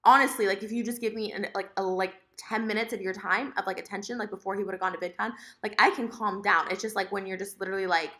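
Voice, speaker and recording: A woman vlogger rattles through a breakup story at high speed. Her voice is bright and edgy, and she keeps circling back with filler words and emotional asides. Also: steady tone, quick pace, few pauses. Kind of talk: casual storytime rant to camera.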